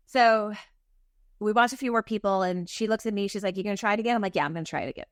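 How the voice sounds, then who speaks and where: A woman's voice: mid-range voice, fast talker, dry recording, studio quality. A middle-aged woman, a guest author, telling a personal story in an interview, acting out her own thoughts and laughing at herself.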